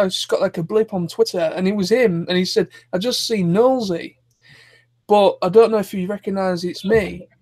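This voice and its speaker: A man with a notably high voice chats on a live stream, telling stories in a loose, rambling way full of restarts. He speaks casually and informally. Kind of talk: casual chat.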